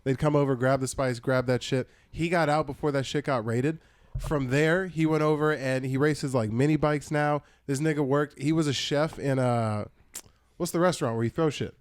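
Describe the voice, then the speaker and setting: A man's voice: medium pitch, steady tone, normal speed, clean tone, no echo. A young man co-hosting a casual podcast, telling a long rambling story with lots of swearing and restarts. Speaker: podcast co-host.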